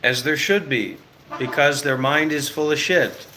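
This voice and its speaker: Blunt, teasing man with a bright voice. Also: fairly high pitch, a little slow, slight background noise. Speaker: livestream host. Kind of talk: casual livestream chat.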